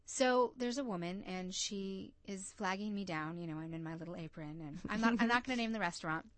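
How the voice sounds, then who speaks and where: A woman's voice: medium pitch, fairly quick, dry recording. A woman from the United States, a coach and entrepreneur, telling a story in an interview and acting out the voices she quotes.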